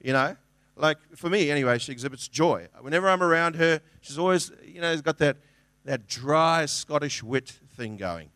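A man's voice: a little high, animated, normal speed, fairly bright tone, clear, resonant tone, no echo, studio quality. A middle-aged man preaching a sermon as a pastor, in a conversational, earnest way with restarts and acted-out quotes.

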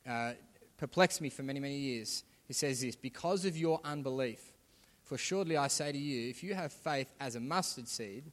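A man's voice: mid-range voice, fairly bright tone. A man preaching a sermon as pastor, talking conversationally and building to emphatic points. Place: church hall. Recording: long hall reverb.

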